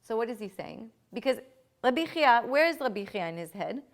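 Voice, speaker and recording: Woman lecturing a class, kinda high voice, repeats herself for emphasis, keeps asking questions. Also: very animated, fairly quick. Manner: emphatic, repeats key phrases, asks rhetorical questions. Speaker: teacher.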